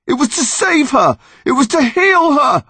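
A man voicing a grieving young boy who shouts and pleads in desperation. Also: high-pitched, expressive, a little slow, no echo, pitched above the performer's own voice. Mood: desperate.

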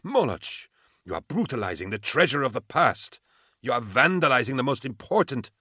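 A man voicing a fussy, anxious male scholar who pleads plaintively and rises into shrill protest. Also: very animated, moderate pace, pushed and bright, slightly rough, dry recording, clean studio sound, heavily acted.

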